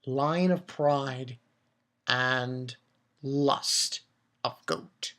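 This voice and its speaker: A man giving a casual, rambling review of a manga chapter. He chuckles often and jumps into higher voices for the characters he quotes. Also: unhurried.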